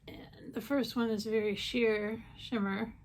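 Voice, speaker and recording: A woman makeup vlogger with a slightly high voice, talking through a tutorial at an unhurried, drawn-out pace. She gushes over every shade and slips in playful asides. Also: steady tone, a little hiss or hum. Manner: chatty, gushing, jokey asides. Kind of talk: casual makeup tutorial with swatches.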